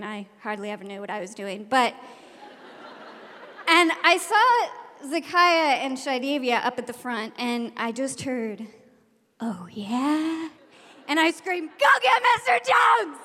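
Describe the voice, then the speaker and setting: Lady teacher telling a story on stage, high voice, lively, does the voices, big echoey hall. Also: normal speed. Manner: animated, acts out voices and shouts in quotes. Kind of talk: storytelling to an audience.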